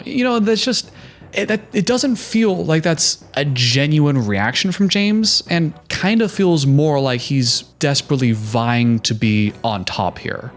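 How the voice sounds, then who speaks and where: A man's voice: fairly high pitch, lively intonation, measured pace. A young man hosting a reaction video, giving a heated, sarcastic recap of a TV show. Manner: heated, sarcastic, mocking quoted voices. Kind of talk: opinionated TV recap commentary.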